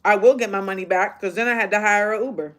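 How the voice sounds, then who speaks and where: A woman hosting a live stream, chatting casually and telling a story in a sassy, animated way, acting out the dialogue. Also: mid-range voice, fast talker. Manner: animated, sassy, acts out quoted exchanges. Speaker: livestream host.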